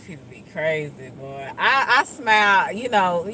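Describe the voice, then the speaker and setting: Woman vlogger, animated pitch, casual car chat over faint road hum. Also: measured pace. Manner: chatty, animated, acts out other people's voices. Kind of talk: casual chat while driving. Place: inside a moving car.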